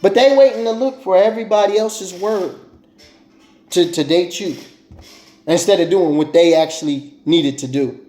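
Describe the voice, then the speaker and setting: Preachy high-voiced man in an echoey room. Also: normal speed, dark tone. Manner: repetitive, preachy, stammering restarts. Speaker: vlogger. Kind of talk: casual monologue to viewers.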